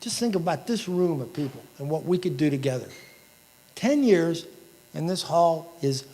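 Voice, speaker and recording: A man's voice: fairly high pitch, expressive, moderate pace, mellow. A man giving an emotional, inspirational banquet keynote speech, quoting famous sayings. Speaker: keynote speaker. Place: large banquet hall. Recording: reverberant hall.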